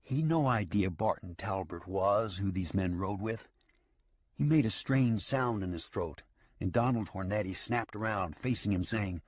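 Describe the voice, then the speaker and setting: A man reading a western audiobook in a steady storytelling manner. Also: on the low side, a little slow, no echo. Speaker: audiobook narrator. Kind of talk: scripted western narration.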